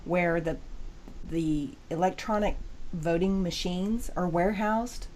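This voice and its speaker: A woman's voice: on the low side, takes it slowly, a little mellow, slight background noise. A woman hosting a casual interview, adding chatty asides and short reactions. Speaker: interview host.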